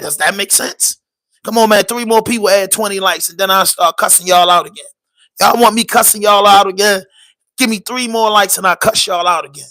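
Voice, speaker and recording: A Baltimore man streams a loose, profane podcast rant from his basement, begging his viewers for likes. His voice sits high for a man, gravelly and bright, and the room sounds dry and close. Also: no room sound. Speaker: podcast host. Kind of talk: casual livestream rant.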